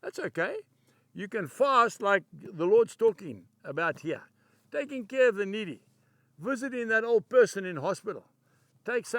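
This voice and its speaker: High, bright-voiced emphatic male preacher. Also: animated, no room sound. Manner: emphatic, slows down to read scripture. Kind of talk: devotional sermon.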